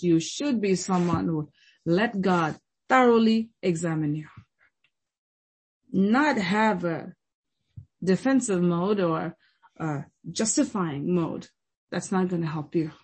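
A woman's voice: mid-range voice, darkish tone, breathy edge, poor audio. A woman pastor preaching a sermon with emphatic repetition and rhetorical questions.

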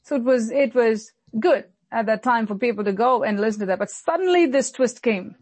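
A woman pastor delivering an earnest sermon, slowing down and repeating lines for emphasis. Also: on the high side, animated, darkish tone, dry recording. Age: adult, recalls childhood many years ago.

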